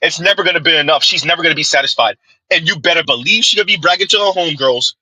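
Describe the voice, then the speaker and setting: A man's voice: a little high, fast, sharp tone, slightly rough, no echo, rough recording. A man giving a mocking opinion commentary, full of rhetorical asides and scornful dismissals. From United States.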